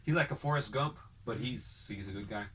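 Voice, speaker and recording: A man's voice: medium pitch, brisk, fairly bright tone, slight background noise. A man hosting a casual podcast chat, telling long rambling stories full of cursing. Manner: rambling profane storyteller.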